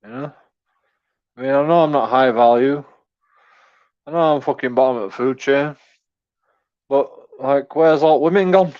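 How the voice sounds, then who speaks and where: A man in his forties rants in a loose, rambling, profanity-heavy way, reacting casually to what he has just heard. His pitch sits in the middle, and the recording is dull and lo-fi. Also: normal speed, pauses often. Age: 40s. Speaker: commentator.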